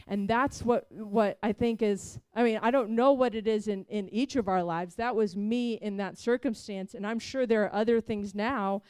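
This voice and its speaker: A woman's voice: on the high side, normal speed, a little mellow, smooth, no echo. A woman preaching as she tells a personal mission testimony, earnest and heartfelt.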